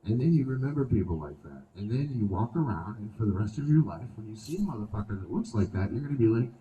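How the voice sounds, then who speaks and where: Crude, animated male stand-up comic. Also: fairly low pitch, quick pace, reverberant, recorded from a distance, muffled recording, a little hiss or hum. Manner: crude, profane, animated storytelling. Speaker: stand-up comedian. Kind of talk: live stand-up set. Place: outdoor show venue.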